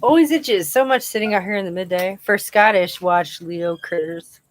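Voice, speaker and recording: A woman's voice: medium pitch, normal speed, a little hiss or hum, low-quality recording. A woman hosting a live chat outdoors, casually reading viewer comments aloud and laughing often.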